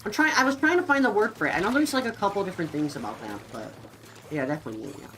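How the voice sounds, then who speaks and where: A woman's voice: mid-range voice, very fast, faint music behind, poor audio. A young woman streaming a game and chatting casually with viewers in a rambling style, full of fillers. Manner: rambling, filler-heavy, lively.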